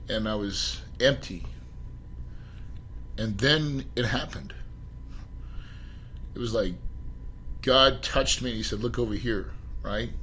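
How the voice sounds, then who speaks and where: A middle-aged man speaks as a podcast guest, at an everyday pitch. He tells his story with emphatic bursts and keeps turning to address the host. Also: a bit bright, a little hiss or hum, poor audio. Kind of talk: storytelling interview.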